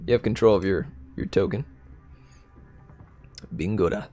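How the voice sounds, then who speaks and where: A man narrating a tabletop game as game master, relaxed and hesitant with many fillers. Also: sits low, normal speed, faint music behind.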